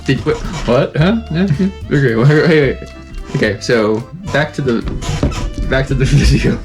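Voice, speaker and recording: A young man co-hosting a reaction video in casual joking chat, deadpan and rambling. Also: medium pitch, measured pace, soft background music.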